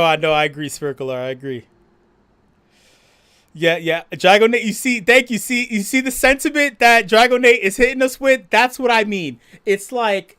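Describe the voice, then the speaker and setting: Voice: mid-range voice, clear, resonant tone. A livestream host chatting casually, reading viewer comments and ranting with lots of swearing and laughter. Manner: profane, laughing, animated rant.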